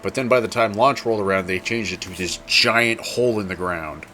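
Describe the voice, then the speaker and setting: A man's voice: on the low side, a little fast, bright, forceful tone, a little hiss or hum. A man casually commenting while he plays a game, rambling and chatty. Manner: rambling, chatty, self-correcting. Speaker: gameplay video host.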